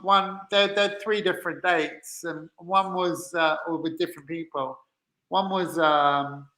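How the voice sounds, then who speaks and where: A man's voice: fairly high pitch, sharp tone, echoey room, poor audio. A man co-hosting a candid personal conversation, speaking hesitantly with frequent restarts as he recounts past exchanges. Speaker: co-host.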